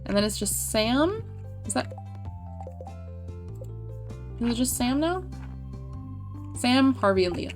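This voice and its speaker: A young woman livestreams a farming video game and chats casually with her viewers. She talks in a fairly high voice, laughing often and swearing offhandedly. Faint game music sits underneath her voice. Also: big pitch swings, takes it slowly, long pauses. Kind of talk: casual gameplay chat.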